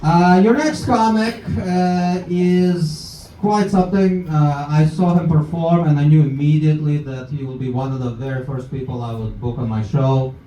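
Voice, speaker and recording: A man's voice: a little high, steady tone, normal speed, few pauses, mellow, a little hiss or hum. Loose male host introducing comics. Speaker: comedy show host. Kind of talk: introducing acts. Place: comedy club stage. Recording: echoey club room from far off.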